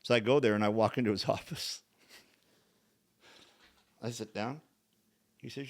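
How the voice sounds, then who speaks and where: An older man hosting a podcast, telling stories in a casual, blunt way and acting out the dialogue with lively switches of voice. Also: medium pitch, a little slow, pauses often. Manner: animated, acts out quoted dialogue; blunt, frank wording. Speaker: podcast host. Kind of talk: casual storytelling chat.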